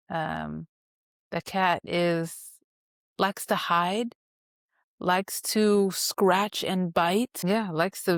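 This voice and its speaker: A woman's voice: lowish voice, no room sound, clean studio sound. A woman co-hosting a podcast, chatting casually and thoughtfully about a show. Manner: thoughtful, hesitant, with fillers. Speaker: podcast co-host.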